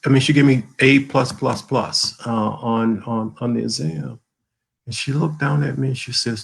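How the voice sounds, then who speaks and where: A man from the American South, a guest author telling personal stories in an earnest, halting way, with many fillers, over a video call. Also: mid-range voice, steady tone, gravelly, slightly rough, rough recording. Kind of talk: emotional personal storytelling.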